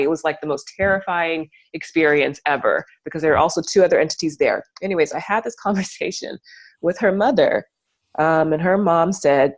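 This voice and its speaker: Earnest low-voiced woman telling a story. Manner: earnest, reflective, many fillers and restarts. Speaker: guest. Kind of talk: casual storytelling interview.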